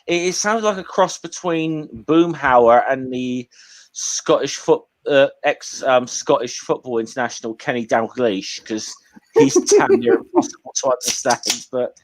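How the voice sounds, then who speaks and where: A man's voice: mid-range voice, a little slow. A man in casual chat who speaks hesitantly, apologises often and begins his sentences with many false starts. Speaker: guest on a casual online chat.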